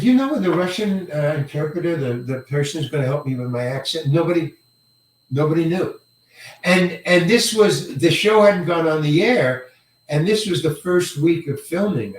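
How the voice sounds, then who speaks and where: An older male actor telling a career story in an interview, halting and rambling, often repeating words and chuckling. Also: on the high side. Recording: roomy echo, mic set far away.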